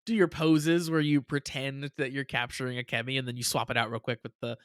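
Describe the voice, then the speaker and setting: A man's voice: medium pitch, a little fast, clear, resonant tone, no echo. A man with a mid-range voice chats casually as a reaction show co-host, laughing easily and retelling scenes with energy. The recording is dry and close, with no room sound. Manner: chatty, laughs often, animated retelling. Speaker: podcast co-host.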